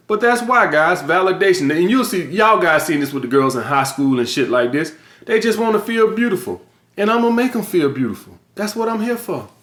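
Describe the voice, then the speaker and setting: A high-voiced middle-aged man talks straight to his viewers in a blunt, profane monologue, hammering his points home. His voice bounces around an echoey room. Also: a bit bright. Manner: profane, emphatic, lecturing. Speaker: vlog host.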